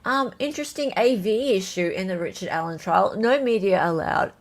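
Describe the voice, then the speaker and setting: A woman hosting a casual livestream, chatting and reading viewer comments aloud in an animated way. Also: medium pitch, moderate pace. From Australia. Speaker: host.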